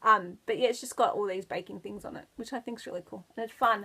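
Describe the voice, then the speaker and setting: A woman's voice: mid-range voice, quick pace, pushed and bright, breathy edge. An Australian woman chatting casually to camera as a knitting podcaster, rambling and giggling as she goes. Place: child's bedroom at home.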